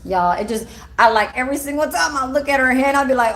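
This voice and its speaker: A woman's voice: high-pitched, fast. Gossipy woman with a drawl. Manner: gossipy, animated, swears and laughs while telling. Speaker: care home worker. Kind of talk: casual storytelling vlog.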